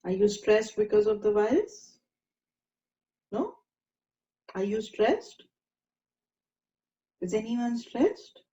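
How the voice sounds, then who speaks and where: A woman teaching a meditation class, gentle and coaxing, asking the group questions. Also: mid-range voice, animated, slow pace, long pauses. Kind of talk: spiritual class talk. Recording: dull lo-fi sound in an echoey room.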